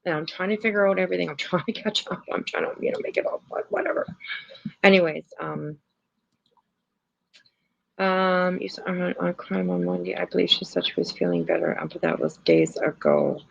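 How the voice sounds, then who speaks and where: A woman's voice: on the low side, animated, normal speed, vocal fry. A woman hosting a casual livestream, rambling with many fillers and the odd swear while she comments and reacts. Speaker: livestream host. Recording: lo-fi stream audio.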